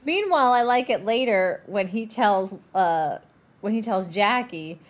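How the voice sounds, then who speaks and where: A woman's voice: mid-range voice, expressive, measured pace. A woman co-hosting a movie podcast, chatting casually and wryly about the film's scenes. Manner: wry, agreeable, quotes scenes from notes. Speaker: podcast co-host.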